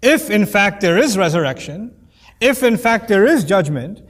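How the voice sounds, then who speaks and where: A man teaching a lecture on Quranic Arabic, animated and playful, acting out quoted voices as he explains. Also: high voice, moderate pace, big-room sound.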